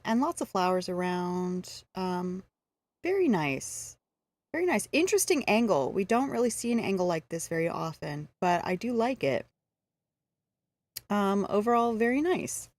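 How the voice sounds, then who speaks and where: A woman's voice: mid-range voice, darkish tone, no room sound. Woman, game streamer, casual live commentary, easygoing, lots of fillers, dry sound. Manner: easygoing, hesitant with frequent fillers.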